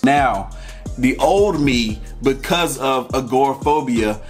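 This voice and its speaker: A man's voice: medium pitch, animated, slow, soft background music. A man vlogging, talking candidly and emotionally to his viewers about his own experiences in a casual, personal way. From Georgia, USA. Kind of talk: personal storytelling to camera.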